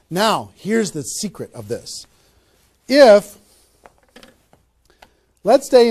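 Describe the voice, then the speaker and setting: Man, high-pitched trainer voice, punchy motivational delivery, rhetorical questions, live room talk. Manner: energetic, emphatic, asks rhetorical questions. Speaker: network marketing trainer. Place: room with a small live audience.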